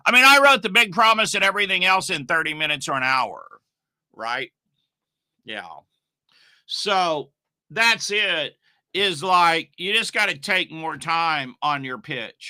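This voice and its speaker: A man's voice: a little high, animated, measured pace, sharp tone, dry recording. A middle-aged man teaching online marketing on a casual live stream, rambling and emphatic, with asides to his viewers.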